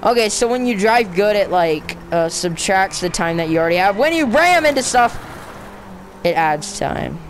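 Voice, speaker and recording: Frustrated outbursts keep breaking through as a young man talks himself and the game through a racing let's-play, using slang like "dude" and "bro." His voice sits high and moves at normal speed. The track carries a slight hiss or hum.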